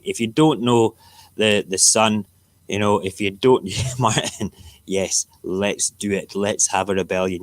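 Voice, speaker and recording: A middle-aged Scottish man with an Edinburgh accent hosts a relaxed live stream, leafing through the morning papers. His voice sits fairly low, and he rants and jokes with his viewers in a loose, chatty way. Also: slow pace, no echo. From Scotland. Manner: ranting, jokey, talks back to chat viewers. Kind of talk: casual morning chat reading newspapers.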